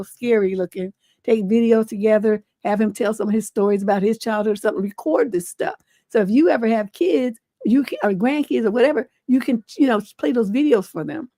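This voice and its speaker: A woman's voice: on the high side, warm tone, dry recording, clean studio sound. A middle-aged woman hosting a livestream advice show, reading a viewer's letter and then giving frank, folksy advice. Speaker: relationship advice host.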